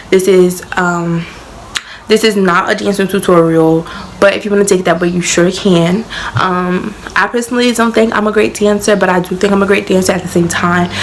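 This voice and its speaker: A woman's voice: mid-range voice, recorded from a distance, a little hiss or hum. Goofy woman in a roomy space. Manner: goofy, playful, chatty. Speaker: vlogger. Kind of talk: casual joking explainer. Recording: roomy sound from off mic.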